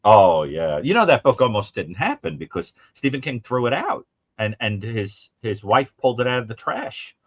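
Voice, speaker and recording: This call-in show co-host speaks at a moderate pace in a muffled recording with no room sound. Chatting casually about horror movies, he tells lively stories and mimics quoted voices in a high pitch.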